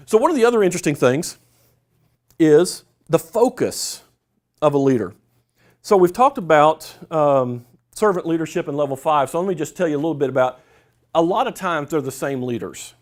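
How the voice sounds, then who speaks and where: A middle-aged man gives a conference workshop lecture in a somewhat high voice for a man. He talks conversationally, stumbling through fillers and restarts, and now and then reads quotations aloud. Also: animated, moderate pace. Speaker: professor giving a workshop talk.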